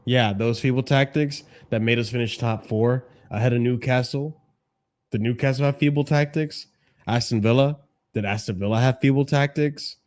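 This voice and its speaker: Sarcastic man ranting on a stream. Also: mid-range voice. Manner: mocking, profane, swings from muttering to shouting. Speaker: streamer reacting to videos. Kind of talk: casual reaction stream. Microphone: desk microphone, clipping when loud.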